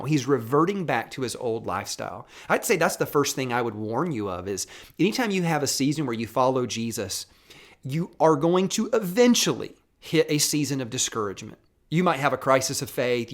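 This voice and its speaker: A man, a pastor, giving a casual and animated devotional talk, acting out quoted lines as he tells the story. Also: medium pitch.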